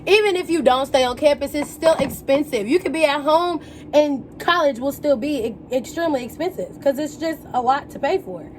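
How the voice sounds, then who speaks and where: A young woman telling a story in a casual, animated way, full of slang and quoted exclamations. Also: sits high, normal speed, slight background noise. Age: young adult. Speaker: vlogger. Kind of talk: casual storytelling while getting ready.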